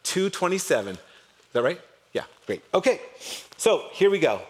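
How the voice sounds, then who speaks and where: A man preaching a sermon as pastor, animated, acting out the people in the story with a shifting voice. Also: sits high, moderate pace. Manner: animated, acts out characters with shifting voice.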